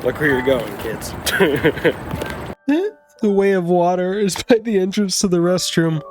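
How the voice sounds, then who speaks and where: A man vlogging casually to camera while heading to movie screenings, jokey and excitable, swearing freely and laughing mid-sentence. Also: sits high, a little slow, over music. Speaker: movie vlogger and podcast host. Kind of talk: casual vlog talk to camera. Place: on the move between home, car and cinema.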